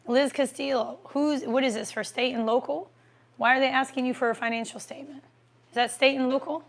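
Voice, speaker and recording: A chatty woman hosting a casual livestream, answering viewer comments while she eats. Her voice sits a bit high and carries a gravelly, fry-tinged edge. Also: steady tone, brisk. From American Midwest. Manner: chatty, reads comments aloud, talks while eating.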